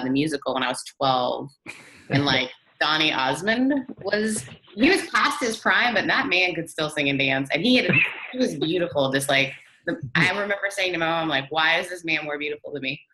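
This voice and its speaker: A woman's voice: low voice, pushed and bright, rough recording. A woman pastor in her thirties with a mixed British, Canadian and Southern US accent, chatting in a podcast interview with lots of "like" and "um". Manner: chatty and self-deprecating, lots of "like" and "um".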